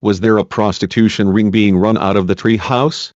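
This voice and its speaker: A man's voice: fairly low pitch, steady tone, normal speed, darkish tone, dry recording, natural voice. A man voicing a persistent female defense lawyer who asks pointed, repeated questions in a deposition. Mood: pressing. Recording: dull lo-fi dry recording.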